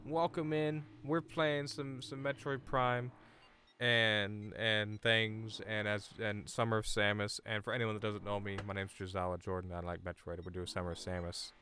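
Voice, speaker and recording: A man live-streaming a video game, chatting with viewers in an excitable way, swearing and breaking into sudden loud outbursts. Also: on the low side, moderate pace, soft background music. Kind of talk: live gameplay commentary.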